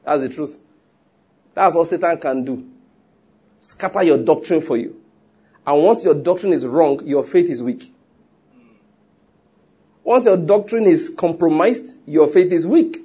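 A man's voice: fairly high pitch, expressive, a little slow, long pauses, mellow, breathy edge. A man preaching a sermon in an emphatic, conversational way, with joking asides. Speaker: pastor.

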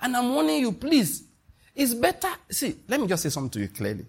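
Husky Nigerian pastor preaching emphatically. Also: male voice, brisk. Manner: animated, emphatic preaching with sudden high emphatic rises. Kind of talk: sermon.

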